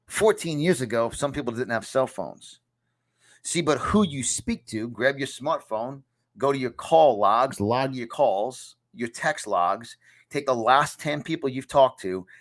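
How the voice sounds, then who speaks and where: An unhurried man in his fifties with a mid-range voice, lively intonation, and a New York accent gives a motivational talk from his home studio. A podcast host and success coach, he repeats key lines in an emphatic, punchy manner reminiscent of a preacher.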